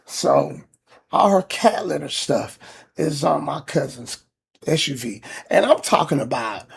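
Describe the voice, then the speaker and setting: A man hosting a podcast, telling a neighbor story in a casual, animated, profane rant. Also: a little high, unhurried, a little hiss or hum. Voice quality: gravelly, husky. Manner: animated, acts out quotes, profane. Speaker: podcast host.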